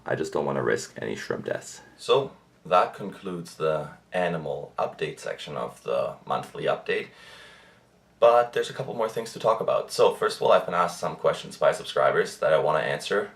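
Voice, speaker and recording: A young man from Germany talking casually to camera in a rambling pet update, with frequent fillers and restarts. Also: a bass voice. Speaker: pet vlogger. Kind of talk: casual monthly update vlog.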